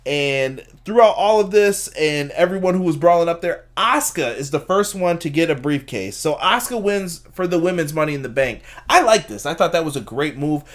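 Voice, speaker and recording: Speaking at a normal pace with barely any pauses, this fairly high-pitched host runs a laid-back wrestling review live stream. He goes over the matches with lots of energy, performing quotes and cracking up at viewers' comments.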